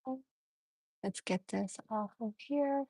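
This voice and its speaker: Excitable woman with vocal fry. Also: fairly high pitch, takes it slowly, dry recording. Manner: chatty, excitable, often apologizing. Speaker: nail artist hosting a live tutorial. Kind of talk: casual live-stream tutorial.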